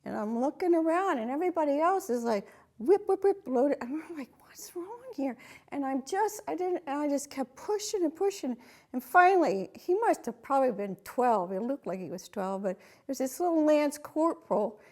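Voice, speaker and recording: A woman's voice: high voice, lively intonation, brisk, a little mellow. A woman, a Navy veteran, telling a story in an interview and acting out her own reactions.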